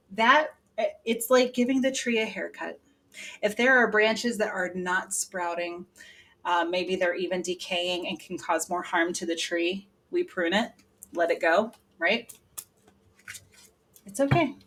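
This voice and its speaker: A woman giving a casual, lively tarot reading to her viewers, laughing often and breaking into loud exclamations. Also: mid-range voice, a little hiss or hum. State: sweating from channeling. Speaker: tarot reader.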